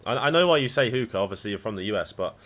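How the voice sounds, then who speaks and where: A live trading streamer with a lowish, slightly bright voice chats with viewers in rapid-fire, animated bursts. His banter rambles and is freely profane.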